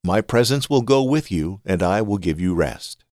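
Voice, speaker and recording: A man reading the words of God in a measured scripture reading. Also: fairly low pitch, expressive, darkish tone, no echo, studio quality, lightly acted. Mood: solemn. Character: God speaking, solemn commanding male deity.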